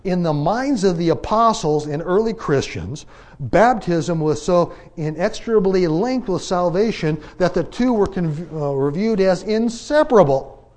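This Bible teacher preaches in a conversational way, asking rhetorical questions and punching his points with big volume swings. He has a high-pitched, expressive voice and takes his time.

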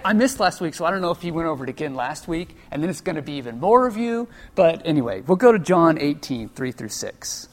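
A Bible study teacher explaining a passage in an informal, conversational way, thinking aloud with asides. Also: mid-range voice. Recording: long reverb of a large hall.

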